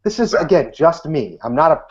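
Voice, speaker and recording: A man's voice: fairly high pitch, a little fast. A man in his thirties, a guest magician, giving casual interview answers and acting out what he says to people in a lifted voice. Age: 30s. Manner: animated, acts out quoted lines in a lifted voice. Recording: dull lo-fi recording.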